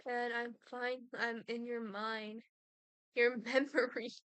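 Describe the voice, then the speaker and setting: A woman plays a possessive young woman, obsessed with a stranger, who speaks in a high voice and draws every word out slowly. Her delivery is intimate and quietly menacing. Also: little pitch movement, smooth, no echo. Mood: obsessive.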